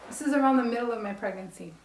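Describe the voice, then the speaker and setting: Woman, casual storyteller, animated, roomy echo. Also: on the high side, rapid-fire, slight background noise. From Bronx, New York. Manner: animated, acts out quoted dialogue. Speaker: vlogger.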